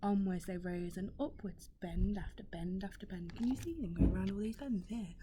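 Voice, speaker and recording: A young woman, a primary school teacher reading a picture book in a hushed, gentle whisper with asides to a listener. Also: medium pitch, moderate pace, heavy background noise.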